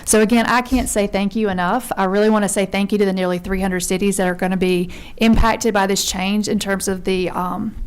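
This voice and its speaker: A member service consultant from Georgia, USA, testifies before a legislative committee, speaking earnestly and conversationally with an occasional friendly "y'all." She talks fast without stopping, her smooth, steady voice of middling pitch for a woman.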